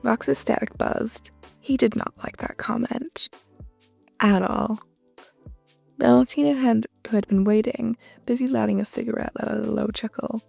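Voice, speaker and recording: A woman's voice: on the high side, fairly even intonation, moderate pace, creaky, a little mellow, no echo, faint music behind. A woman narrating a fan fiction audio story and acting out each of the characters. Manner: reads narration and acts out every character.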